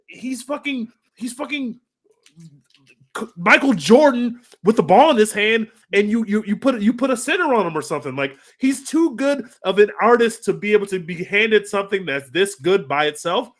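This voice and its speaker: A podcast co-host in casual film review chat, talking excitedly and swearing freely as he gushes. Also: sits high, normal speed.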